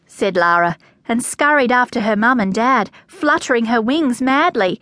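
A woman with an Australian accent narrating a children's storybook in an expressive, animated reading. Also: medium pitch, a little slow, dry recording. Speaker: audiobook narrator.

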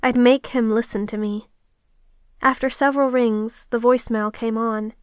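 A female audiobook narrator tells a first-person romance in a steady, intimate way. Her voice sits fairly high and sounds close and dry, with no room around it. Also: normal speed, smooth, no echo.

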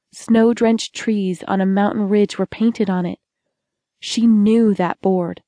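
A woman reads a romance audiobook in a steady, expressive way, with a medium pitch. The close studio mic gives a completely dry sound with no room echo. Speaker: audiobook narrator. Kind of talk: scripted audiobook narration.

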